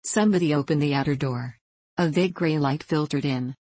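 A woman narrating an audiobook with a low, even voice. Her telling is measured and steady. The recording is dry and close. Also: husky, no room sound. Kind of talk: scripted narration.

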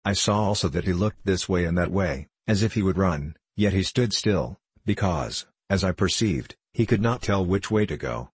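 A man narrating an old-fashioned story in a measured, formal way. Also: deep voice, animated, slightly rough, no echo. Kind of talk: audiobook narration of an old allegory.

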